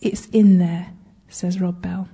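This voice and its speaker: A woman's voice: on the low side, little pitch movement, slow, gravelly, warm tone, slightly rough. A woman giving conversational Bible teaching, chatty, with humorous asides and frequent check-ins with her listeners.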